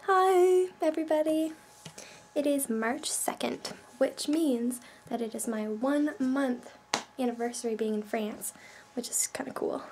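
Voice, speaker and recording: A woman's voice: sits high, measured pace, a little mellow, a little hiss or hum. A woman from Canada, chatting casually in a vlog, rambling with lots of fillers. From Canada, New Brunswick. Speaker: vlogger.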